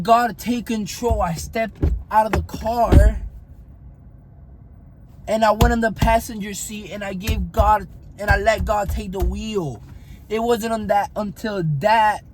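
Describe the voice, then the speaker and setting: A young man with a high voice tells a personal faith testimony, slowly and earnestly. He circles back and repeats phrases as the story tumbles out. A faint hiss sits under his voice. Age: young adult. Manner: earnest, repetitive, rambling storytelling. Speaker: fitness coach vlogger.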